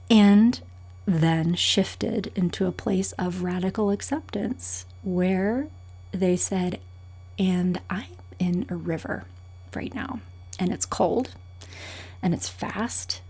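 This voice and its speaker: A woman's voice: mid-range voice, warm tone, slightly rough. A woman therapist hosting her own show, talking through advice in a thoughtful, explaining way with many fillers. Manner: thoughtful, with fillers, acts out quotes animatedly. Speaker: therapist host. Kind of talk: advice talk to camera.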